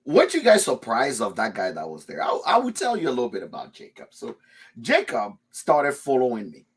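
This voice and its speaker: A male podcast host talks in a loose, casual chat. His voice is slightly husky, and his pitch leaps up and down as he makes his points. He speaks emphatically, swears freely, and stumbles over repeated words when he is worked up. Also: wildly swooping pitch, a little fast.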